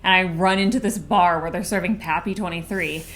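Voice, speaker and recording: A woman's voice: fairly low pitch, fairly even intonation, fairly quick, fairly bright tone, slight background noise. A woman co-hosting a casual drinks review, chatting in a bubbly way, full of "like". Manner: bubbly, talks with lots of "like". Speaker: co-host. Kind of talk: casual chat.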